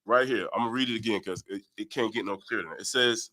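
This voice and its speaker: Man, bright tone, Bible study teacher, reads verses aloud, keeps saying "right?". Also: fairly low pitch, quick pace, hardly any pauses. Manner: reads verses aloud and explains them, asking "right?" often. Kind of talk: scripture study talk.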